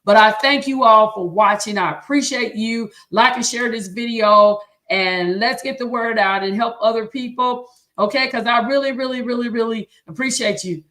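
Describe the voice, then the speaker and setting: A woman's voice: on the high side, moderate pace, fairly bright tone. A woman choir director hosting a live stream, teaching in an earnest, preacherly way with a slight Southern American accent. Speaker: choir director and show host. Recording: roomy echo.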